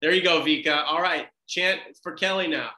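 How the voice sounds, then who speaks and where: A man's voice: fairly high pitch, moderate pace, bright, forceful tone, reverberant, rough recording. A young man, a medical resident, giving students a chatty, joking, encouraging talk over a video call, often restarting his sentences. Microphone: video call mic.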